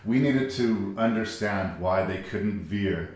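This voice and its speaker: A lower-pitched man talks through a film in a loose, blunt podcast chat, dry and wry in his delivery. His voice rings around a very echoey room, as if there were no treatment on the walls. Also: takes it slowly, darkish tone. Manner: wry, blunt, mock-quotes people in voices. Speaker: podcast co-host. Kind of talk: casual film review chat.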